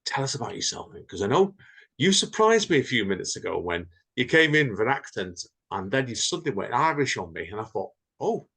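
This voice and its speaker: A man's voice: medium pitch, big pitch swings, brisk, a bit bright, breathy edge. A tired man hosting a podcast in a loose, rambling casual chat, laughing often. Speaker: podcast host.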